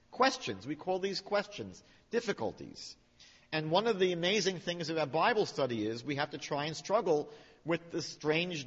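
Bible teacher, man, slightly high husky voice, animated questioning delivery, reverberant hall. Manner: animated, questioning, quotes Hebrew slowly. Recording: dull sound with long hall reverb.

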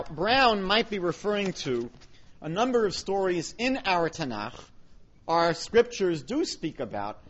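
A man's voice: high voice, a bit bright, highs cut off. A man giving a public lecture on religion, emphatic, with wry asides.

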